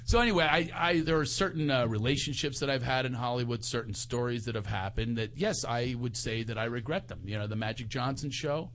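A man, a comedian guest, telling comic stories in conversation with an animated, self-mocking manner and frequent laughter. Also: mid-range voice, a little fast, few pauses, slight background noise.

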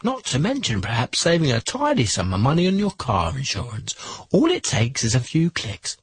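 A man reading a wry scripted radio ad in a husky voice. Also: mid-range voice, wildly swooping pitch, moderate pace, no room sound.

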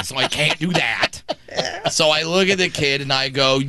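A man's voice: mid-range voice, fairly quick, pushed and bright, clear, resonant tone. A man in his thirties telling comic stories on a talk show, jumping into the voices of the people in them. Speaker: guest storyteller.

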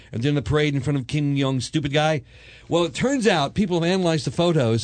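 A man's voice: mid-range voice, dry recording. A man co-hosting a talk show, chatting and joking as he tells news stories. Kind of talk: casual banter on news and sports.

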